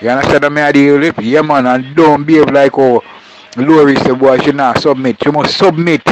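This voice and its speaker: A man's voice: mid-range voice, fairly even intonation, moderate pace, a little hiss or hum, poor audio. A man with a Jamaican accent giving rambling street commentary, often checking that the listener understands. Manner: rambling, repeats "you understand".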